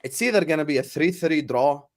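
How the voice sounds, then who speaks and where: A man's voice: a little high, expressive, fairly quick. A man on a football podcast panel, teasing and arguing with the others in casual banter. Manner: teasing, argumentative.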